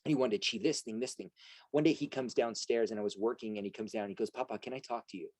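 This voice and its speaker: Middle-aged male coach, earnest talk full of rhetorical "right?" asides, mellow tone, dry close sound. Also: fairly low pitch, fast, no echo, poor audio. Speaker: strengths coach and host. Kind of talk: motivational talk to an audience.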